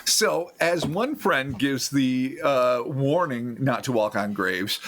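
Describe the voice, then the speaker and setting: A man hosting a casual podcast, reading listener stories aloud with animated, joking outbursts. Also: slow pace. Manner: animated, swearing, laughs and jumps into loud high outbursts.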